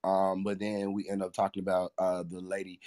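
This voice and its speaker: A man's voice: deep voice, monotone, brisk, dark tone. A man hosting a faith talk show, speaking with emotion and a preacher's repetition. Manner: emotional, preacherly, repeats phrases for emphasis. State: tearful at times. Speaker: podcast host.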